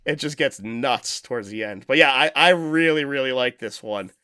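A man talking loosely on a podcast, rambling from one point to the next, with lots of swearing and quick laughs. His voice sits in a middle register and sounds dry and close to the mic. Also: medium pitch, bright, forceful tone, smooth, no echo. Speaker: podcast co-host. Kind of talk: casual chat.

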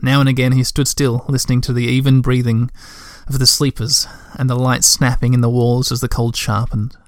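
A man's voice: medium pitch, little pitch movement, normal speed, no echo, clean studio sound. A man reading a children's book aloud, breaking off for chatty asides to listeners. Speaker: reader.

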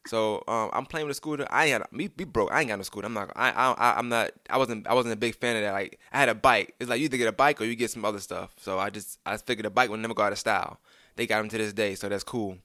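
Young man, rapid casual storytelling, lots of restarts and asides, acts out quoted lines, dry close sound. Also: on the low side, no room sound. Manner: rambling, many restarts and asides to the listener; animated acting out of quoted lines.

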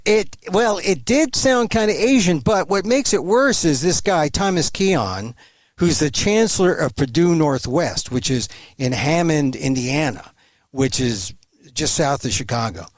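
An emphatic man talks as an interview guest over a remote link, his pitch leaping around with animation. He restarts phrases often as he pushes his points. The sound is close and dry. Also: expressive, unhurried, no room sound. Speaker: guest commentator.

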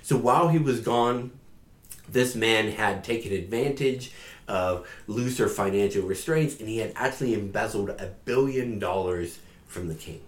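A man's voice: lowish voice, normal speed. A man retelling a parable in a casual storytelling sermon, with fillers along the way. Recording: echoey room.

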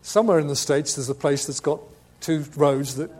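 A man preaching a sermon, stressing key words loudly, then dropping to quiet asides and asking the congregation questions. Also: on the high side, fairly even intonation, moderate pace. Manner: emphatic, swings between loud urgent stress and quiet asides.

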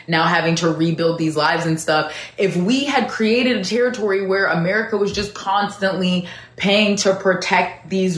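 A woman's voice: on the low side, reverberant. A woman on a talk panel, rambling wryly with many "like" fillers. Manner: rambling, full of "like" fillers, wry. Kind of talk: casual political discussion.

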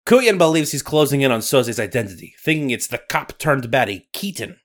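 A man's voice: mid-range voice, very animated, fairly quick, lightly acted. Brief: man doing a Scottish lake monster storyteller for a comedy podcast bit, theatrical and lilting. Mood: dramatic storytelling. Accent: put-on Scottish. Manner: dramatic narrating, rolled-up storytelling. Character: Loch Ness monster, male storyteller, sly.

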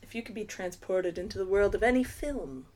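A woman's voice: mid-range voice, fairly quick, a little mellow. A woman hosting a podcast, teasing her co-hosts and reading listener questions. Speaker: podcast host. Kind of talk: casual chat.

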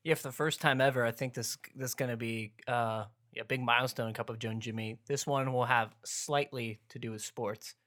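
A young man co-hosting a casual sports podcast, relaxed and wry as he sets up a rant. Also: medium pitch, brisk, few pauses. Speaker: podcast co-host.

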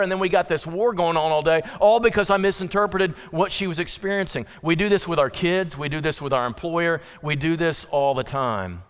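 A middle-aged man preaches in a church, his voice set high for a man and smooth and resonant. He talks in a relaxed, storytelling way and slips into acted asides. A long reverb trails his words through the hall. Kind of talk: sermon. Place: church sanctuary.

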